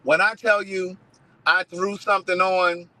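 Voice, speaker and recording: A man hosting a casual live stream, telling stories in an animated way and swearing freely. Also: high-pitched, unhurried, low-quality recording. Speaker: host.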